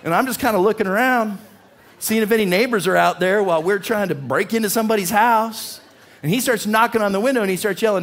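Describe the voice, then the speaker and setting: A male pastor delivering a sermon in a church, with a voice pitched a little above most men's. He tells stories with animated energy, letting his voice rise as the story builds. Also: quick pace. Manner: animated storyteller, voice rising with excitement.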